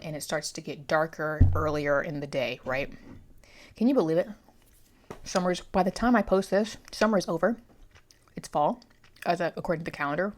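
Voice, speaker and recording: A young woman in a casual chat about books, rambling and correcting herself as she goes. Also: low voice. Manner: chatty, rambling, self-correcting. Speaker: book vlogger.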